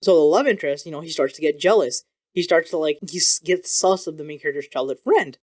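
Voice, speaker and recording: A man chats through a manga review in a loose, excitable vlog style, dropping casual curses along the way. He talks quickly, the words tumbling out, and his voice sits a little above the usual male pitch. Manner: animated and excitable, swears casually. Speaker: video creator reviewing manga.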